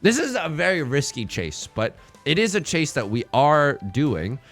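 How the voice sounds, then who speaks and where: A male streamer with a slightly high, bright, forceful voice talks over faint background music. His pitch swings widely as he hypes up his own jokes and riffs with chat. The tone stays playful and self-mocking. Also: very animated, normal speed. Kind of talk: live-streamed mahjong commentary.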